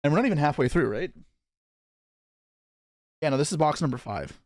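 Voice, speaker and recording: A man's voice: on the high side, expressive, no room sound, studio quality. A young man chatting casually on a live stream as he opens trading card packs and answers his chat. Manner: chatty, reacting to chat, quick asides.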